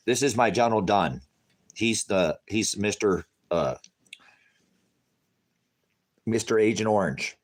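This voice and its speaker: A preacher man with a very low, deep voice talks casually to his viewers from home on a farm. He rambles from one thought to the next and slips into fond baby talk with his cat. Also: animated, measured pace. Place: farmhouse.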